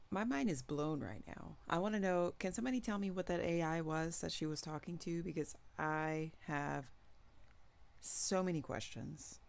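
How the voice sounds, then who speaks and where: A woman hosting a reaction channel, commenting casually on clips and talking straight to her chat in an animated, incredulous way. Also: deep voice, creaky.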